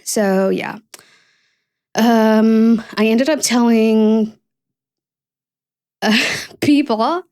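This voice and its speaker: A woman's voice: on the high side, fairly even intonation, drawn-out words, pauses often, mellow, clear, resonant tone. Young female podcast host, casual confessional chat, loose and rambling, many fillers. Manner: candid, rambling, full of fillers.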